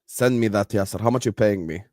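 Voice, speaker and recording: A man's voice: fairly low pitch, brisk, a little mellow, dry recording, studio quality. A young man, casually commentating a football stream and bantering with his chat, laughing and teasing.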